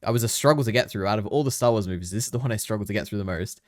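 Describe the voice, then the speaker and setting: A man's voice: on the low side, very fast, darkish tone, no room sound, studio quality. A man co-hosting a casual movie chat, talking hesitantly with lots of fillers and trailing hedges. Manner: hesitant, many fillers and restarts. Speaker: podcast co-host.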